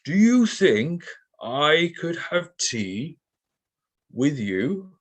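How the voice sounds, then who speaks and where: A man voicing a big, hungry, polite male tiger in a children's story, drawn out slowly. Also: a little high, sing-song, slightly rough, pitched above the performer's own voice, exaggerated voice. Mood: polite pleading.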